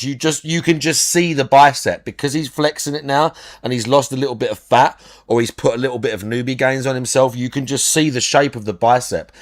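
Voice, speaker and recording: A man giving reaction commentary, critically explaining arm muscles in a rambling way. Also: medium pitch. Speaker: reaction host.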